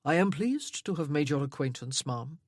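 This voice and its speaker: A calm, kind nobleman, as a woman narrator puts him on. The voice drops a little lower and stays gentle, with a soft husk. Close, dry audiobook sound. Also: moderate pace, no room sound.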